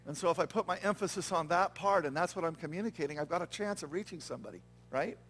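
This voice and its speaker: A man's voice: a little high, fast talker, fairly bright tone, a little hiss or hum. A man preaching a sermon as pastor, earnest and conversational, often checking in with the congregation. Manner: earnest, conversational preaching with frequent "okay?" and "right?" check-ins. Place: church.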